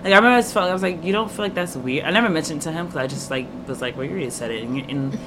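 A young woman chats rapidly on a podcast and tells animated stories. She slips into the voices of the people she quotes. A steady hiss of noise sits under the recording. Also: sits low. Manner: animated storytelling, acts out quoted dialogue. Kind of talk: casual chat. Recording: noisy room ambience.

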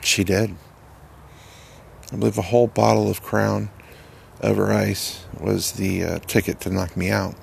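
A man telling a personal testimony in a halting, earnest way, repeating words as he goes. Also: fairly low pitch, little pitch movement, creaky, slight background noise. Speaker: person sharing a recovery story.

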